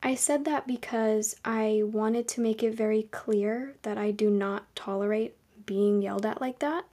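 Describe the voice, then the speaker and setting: A young woman hosting a podcast, giving advice in a calm, earnest, conversational monologue. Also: on the high side. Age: young adult. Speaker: podcast host.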